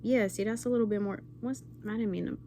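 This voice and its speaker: A woman's voice: mid-range voice, steady tone, fast talker, mellow, a little hiss or hum. Rambling woman tarot reader saying "okay?". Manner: rambling, checks in with frequent "okay?". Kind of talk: casual intuitive tarot reading.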